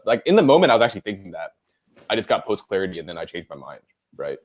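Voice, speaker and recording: A man's voice: deep voice, very animated, racing. A young man, co-hosting a casual debate podcast and rambling with many fillers and restarts. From United States. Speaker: podcast co-host.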